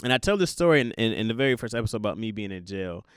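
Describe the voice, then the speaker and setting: A young man hosting a podcast, talking through a casual confessional monologue in an animated, jokey way and laughing at himself. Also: on the low side, racing, clear, resonant tone, no echo, clean studio sound. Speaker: podcast host.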